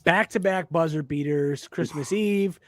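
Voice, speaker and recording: A man's voice: a little high, a little slow, no echo. A man hosting a casual sports podcast over a video call, introducing his co-hosts with jokey nicknames and an upbeat emcee manner. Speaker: podcast host.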